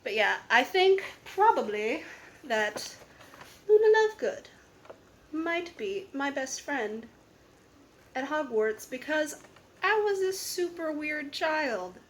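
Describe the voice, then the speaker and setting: A young woman talking to her camera in a loose, candid way, with plenty of fillers and quick asides. Her voice sits a little high for a woman. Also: expressive, a bit bright, a little hiss or hum. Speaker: book vlogger. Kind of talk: casual chat answering tag questions.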